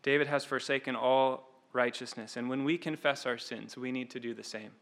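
A man's voice: medium pitch, steady tone, normal speed, fairly bright tone. A man preaching an expository sermon, earnest, often repeating words and tossing in "like" and "right?".

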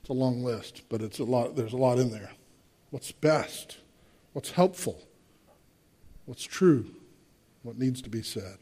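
A man's voice: medium pitch, measured pace, long pauses, warm tone, husky. A man in his sixties preaching a sermon, emphatic, with rhetorical questions and direct asides to the congregation. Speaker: pastor.

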